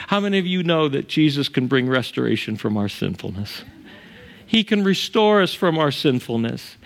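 A man's voice: fairly high pitch, expressive, normal speed, vocal fry. A middle-aged male pastor preaching a sermon in a conversational way, chuckling often and acting out the quotes he tells.

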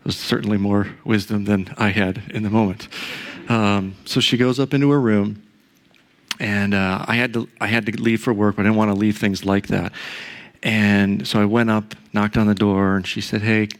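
A man's voice: lowish voice, steady tone, normal speed. Man preaching a conversational sermon. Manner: conversational storytelling with frequent asides and tag questions. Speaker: pastor.

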